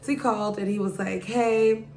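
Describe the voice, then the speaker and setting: A woman's voice: mid-range voice, moderate pace, a little hiss or hum. A woman hosting her podcast, telling a story casually, full of "like" and "you know". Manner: rambling, heavy use of "like" and "you know". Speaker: podcast host. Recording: echoey room.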